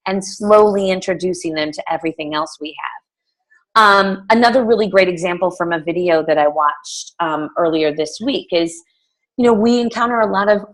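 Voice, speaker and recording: A woman's voice: medium pitch, fairly bright tone. A middle-aged woman, a fitness coach, giving a casual team training talk, chatty with many fillers and restarts.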